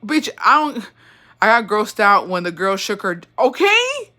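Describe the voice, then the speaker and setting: A podcast host in a casual, animated rant, swearing constantly. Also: medium pitch, moderate pace.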